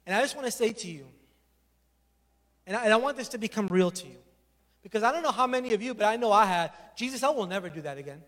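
Speaking fast but pausing often, a very high-voiced male pastor animates his sermon's story, acting out different voices. His words echo with long reverb through a large hall.

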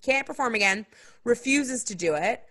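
A young adult woman hosting a podcast, telling a story in a casual chat and acting out other people's lines with big jumps in pitch. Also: animated, normal speed, fairly bright tone.

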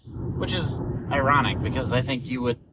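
A man's voice: mid-range voice, moderate pace. A young man co-hosting a podcast in a laid-back, agreeable casual chat. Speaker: podcast co-host. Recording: distant mic, loud noise.

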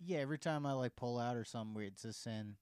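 A man's voice: mid-range voice, quick pace, darkish tone, clean tone, dry recording, studio quality. A young man co-hosting a podcast in casual chat, crude and joking, with lots of swearing. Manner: crude, joking, mimics others in quotes. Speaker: podcast co-host.

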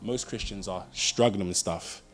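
A young man delivers a sermon with lively storytelling. His voice swings from loud bursts to quiet, hushed lines as he drives his points home. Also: lowish voice, measured pace, faint music behind. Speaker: pastor.

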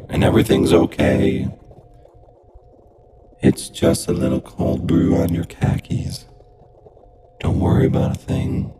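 Profane podcast host through a voice changer. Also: male voice, mid-range voice, vocal fry. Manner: profane, rambling, jokey. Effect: voice changer app. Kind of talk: half-sung comic monologue. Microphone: phone. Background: loud music.

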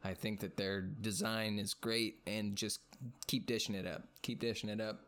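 A man's voice: on the low side, little pitch movement, normal speed, fairly bright tone. A man hosting a casual gaming podcast, quizzing his guest and laughing often. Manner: playful quizmaster, laughs often. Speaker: podcast host.

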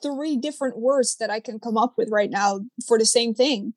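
A young woman who is not a native English speaker, chatting in an animated way with lots of fillers and casual swearing. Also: a little high, moderate pace, no echo. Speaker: conversation partner. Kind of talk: casual chat.

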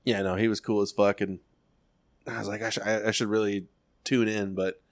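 Recorded dry and at studio quality, a young man's lowish voice moves at a brisk pace. Co-hosting a podcast, he spins a long, meandering story in casual chat, full of swearing and animated impressions of people's words.

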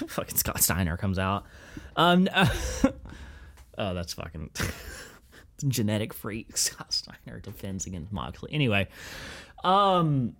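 A young man hosting a podcast, telling a story in a profane, rambling, excitable way. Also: on the high side. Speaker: podcast host. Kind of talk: casual chat.

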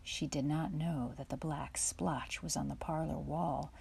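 Lower-pitched woman reading a storybook. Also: fairly even intonation, unhurried, vocal fry, darkish tone, husky. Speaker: audiobook narrator.

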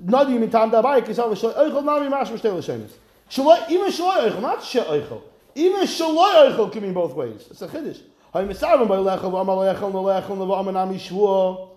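Guy teaching gemara, high voice swinging all over, echoey room. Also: brisk. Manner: animated, mixes Aramaic and Hebrew terms into English, sing-song quoting. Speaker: Talmud teacher. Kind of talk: animated Talmud class lecture.

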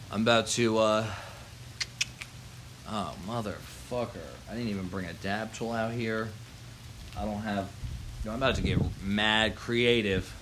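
A man's voice: on the low side, very noisy. A man, ranting heatedly and profanely on his porch, dropping "man" and "yo" throughout. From Baltimore, Maryland. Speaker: vlogger. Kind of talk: profane outdoor rant. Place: front porch outdoors in the rain.

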